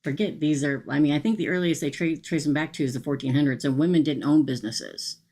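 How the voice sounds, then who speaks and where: A middle-aged woman hosts a live-streamed tarot reading, speaking fast in a low, dark-toned voice. She is chatty and emphatic, checking in with viewers and tossing in frequent "okay?" asides.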